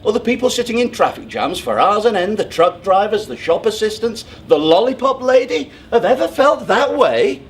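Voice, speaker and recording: A man's voice: mid-range voice, a little hiss or hum, natural voice. An actor playing a pompous, controlling man in a theatrical monologue, smug, condescending and over-precise in how he talks. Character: pompous, controlling, self-assured man proposing. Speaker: stage actor. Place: theatre stage.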